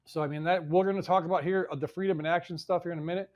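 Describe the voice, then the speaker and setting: A man's voice: fairly high pitch, steady tone, very fast, dull audio. A man hosting a live in-person event, talking casually in a rambling way, repeating words and swearing now and then. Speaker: show host. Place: indoor venue in front of an audience.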